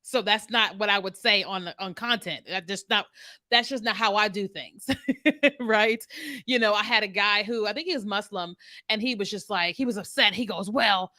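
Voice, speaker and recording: A woman's voice: mid-range voice, moderate pace, bright, forceful tone. A woman marketing strategist talking casually and animatedly to her viewers, with laughs and asides. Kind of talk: casual direct-to-camera talk.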